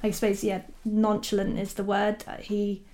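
A woman's voice: mid-range voice, completely flat delivery, moderate pace, dark tone. A woman, a documentary filmmaker, telling a story casually with many fillers and frequent laughs.

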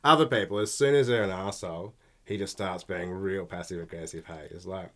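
A man's voice: deep voice, a little fast, a bit bright. An Australian man chatting casually on a podcast, telling stories laid-back, swearing and laughing often. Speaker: podcast co-host. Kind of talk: casual chat.

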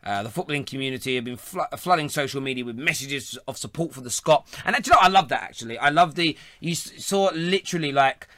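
A man's voice: mid-range voice, expressive, fast, hardly any pauses, sharp tone, no room sound, clean studio sound. A man, hosting a show in casual, joking chat. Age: 30s. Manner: chatty, laughing banter. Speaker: host.

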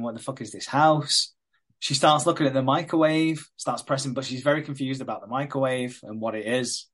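A man's voice: medium pitch, husky. A man casually retelling a soap plot on a podcast, sweary and jokey, quoting the characters as he goes. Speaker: podcast co-host recapping a soap. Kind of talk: casual storytelling chat.

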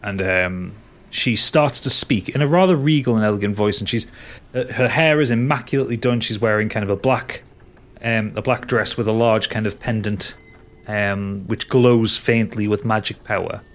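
A man's voice: fairly low pitch, moderate pace, a bit bright. A man narrating as game master of a tabletop game, talking with frequent hesitations. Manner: hesitant, many fillers and restarts.

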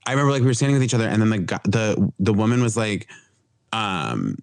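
Chatty young man with low voice. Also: lively intonation, fast, no echo. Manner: chatty, full of filler words and restarts. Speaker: podcast guest. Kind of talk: casual chat.

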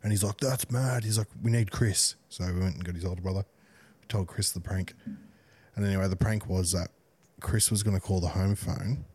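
Deep-voiced bloke telling stories. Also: male voice, little pitch movement, darkish tone, breathy edge. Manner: laughing, swearing, quick anecdotes. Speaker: podcast co-host. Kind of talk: casual storytelling chat.

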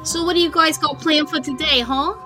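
A woman's voice: high voice, fairly even intonation, brisk, over music. A woman running a tabletop game, voicing people in chatty, folksy small-town diner talk. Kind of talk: in-character tabletop role-play.

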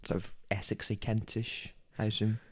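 A man's voice: on the low side, normal speed, husky. A man co-hosting a podcast, telling a story in casual chat, acting out what people said and laughing often. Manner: animated storyteller, acts out quoted voices, laughs often. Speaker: podcast co-host.

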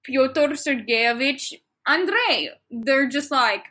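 Bright, animated young woman reading aloud. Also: fairly high pitch, normal speed. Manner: animated, exasperated, swears freely, bursts into laughter. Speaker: podcast co-host reading a fan story aloud. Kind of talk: casual podcast chat and dramatic reading.

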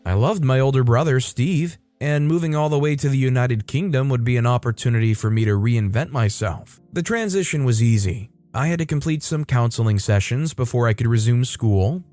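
A man tells a first-person story in a steady, even-pitched narration, now and then lifting his voice for the women he quotes. Soft music plays quietly under him throughout. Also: a little fast, hardly any pauses, no echo. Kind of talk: scripted narration of a reader story. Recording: soft music bed behind. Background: faint background music.

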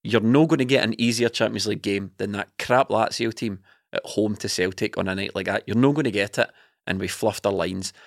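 A man's voice: on the low side, a little fast, no room sound, studio quality. A man, a podcast co-host, talking football in a heated, opinionated way. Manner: passionate, ranting opinions. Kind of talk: casual football chat.

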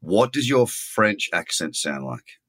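A man's voice: on the low side, very animated, takes it slowly, a bit bright. A man hosting a casual podcast interview, upbeat and joking. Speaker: podcast host.

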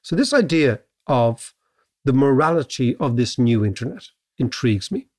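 A middle-aged Irish man co-hosting a podcast in casual chat. He muses aloud and keeps checking in with a quick "right?". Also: mid-range voice, big pitch swings, darkish tone. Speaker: podcast co-host.

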